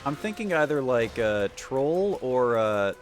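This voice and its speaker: A man streaming a game, chatting casually in an excitable, profane, rambling way. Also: medium pitch, measured pace, soft background music. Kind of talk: casual gaming commentary.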